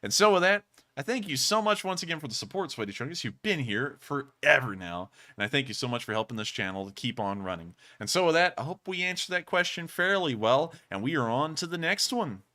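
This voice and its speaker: Bright-voiced excitable male streamer. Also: on the high side, a little fast. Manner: animated, excitable, rambling with fillers. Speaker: livestream host answering donations. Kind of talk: casual livestream chat.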